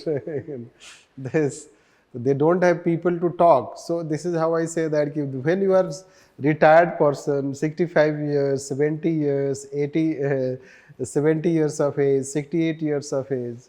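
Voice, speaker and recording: A man's voice: on the high side, mellow. A man with an Indian English accent giving a lecture, often repeating phrases and switching into Hindi, with wry sarcastic asides. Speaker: teacher.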